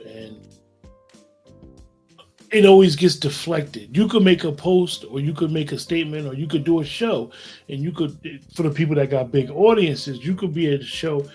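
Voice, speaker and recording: A man's voice: on the high side, a little mellow, husky. A man hosting a casual podcast discussion, rambling and repeating himself as he makes his point.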